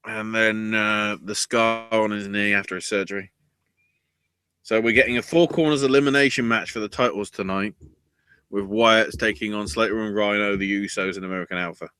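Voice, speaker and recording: Male podcast host, casual wrestling recap, swears a lot, excitable, dry close sound. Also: on the low side, normal speed, pauses often, smooth, dry recording. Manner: profane, excitable, bursts into loud outrage.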